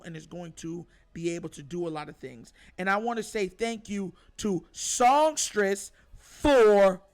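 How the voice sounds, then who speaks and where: A man with a high-pitched voice hosts his own sports show and delivers an emphatic, animated opinion monologue, talking straight to his viewers. Faint music plays underneath him. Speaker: host.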